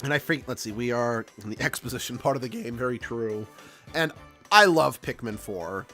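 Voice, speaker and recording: Lively rambling male streamer. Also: medium pitch, moderate pace, faint music behind. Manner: rambling, self-correcting. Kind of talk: casual gaming commentary.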